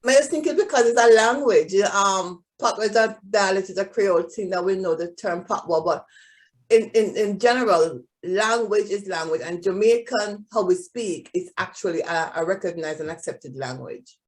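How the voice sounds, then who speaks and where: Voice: mid-range voice, normal speed. A class participant thoughtfully explaining an answer, heard from some distance.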